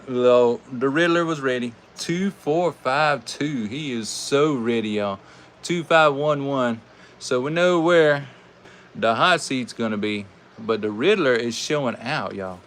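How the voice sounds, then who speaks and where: A man with a Southern American accent calls toy car races live, folksy and animated. His voice sits at an everyday middle pitch, and he talks straight to his viewers like old friends. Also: a little hiss or hum. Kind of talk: live race commentary.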